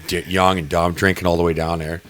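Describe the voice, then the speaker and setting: A man's voice: low-pitched, little pitch movement, fairly quick, a bit bright. A man telling a long, rambling story on a casual podcast, swearing freely and acting out what people said. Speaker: podcast co-host.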